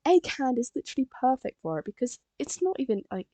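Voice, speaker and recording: A woman's voice: high-pitched, big pitch swings, fast, dark tone, dry recording. A teenage girl from England, rambling casually on a live stream while she draws, full of fillers. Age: teens. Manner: rambling, chatty, frequent fillers. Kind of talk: casual chat while drawing.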